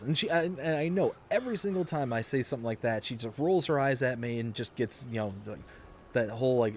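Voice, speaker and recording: Man, live streamer, casual gaming chat, middle pitch, rambling, jokey, chuckles a lot, home office. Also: fast talker, a little hiss or hum.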